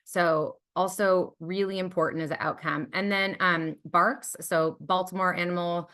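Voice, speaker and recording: A woman with a fairly low voice presents a charity program on a webinar. She talks in a chatty, enthusiastic way, full of ums and likes. The sound is that of a video call. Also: steady tone, unhurried, fairly bright tone.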